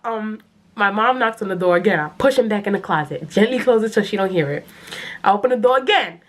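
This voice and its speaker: A woman's voice: medium pitch, brisk. A woman, telling a personal story to the camera and acting out the quotes. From New York City. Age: 20s. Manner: animated, dramatic storytelling with acted-out quotes. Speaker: vlogger. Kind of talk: casual storytime.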